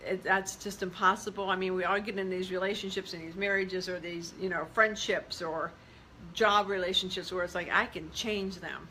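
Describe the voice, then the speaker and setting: A woman's voice: lowish voice, level tone, normal speed, pushed and bright, slight background noise, rough recording. A woman vlogger talking candidly and chattily to her viewers, giving blunt self-help advice. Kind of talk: casual motivational talk to camera.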